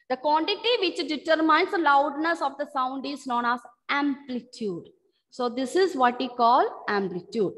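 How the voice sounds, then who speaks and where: A woman teacher with a notably high voice runs an online lesson, coaxing answers from students. She repeats key terms slowly and patiently for note-taking. Her voice carries a long, echoing reverb. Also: fairly bright tone.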